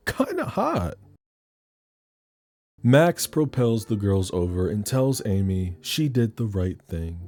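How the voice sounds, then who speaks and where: A man's voice: lowish voice, dark tone, dry recording, clean studio sound. A man giving a casual, sassy movie recap with crude joking asides. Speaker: film recap host.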